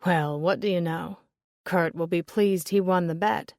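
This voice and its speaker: A woman's voice: fairly low pitch, measured pace, darkish tone, no room sound, studio quality. A woman voicing a blunt, chain-smoking shop owner. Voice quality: raspy smoker's voice. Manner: blunt, offhand.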